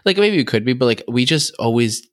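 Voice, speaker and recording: A man co-hosting a podcast in casual chat, rambling and joking with quick restarts. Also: mid-range voice, animated, no echo, clean studio sound. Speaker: podcast co-host.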